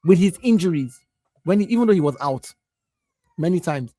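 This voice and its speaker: A man with a high voice pushes his argument in a lively football debate. He is insistent and keeps restarting his sentences when he gets cut off. The sound is dry and close, with no room echo. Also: normal speed. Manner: insistent, argumentative, repeats himself when interrupted. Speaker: co-host of a football talk stream.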